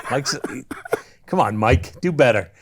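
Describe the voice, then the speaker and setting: A former wrestler appears as a guest on a casual podcast, rambling through stories and cracking crude jokes. His medium-pitched voice is animated and unhurried, and he keeps restarting his sentences.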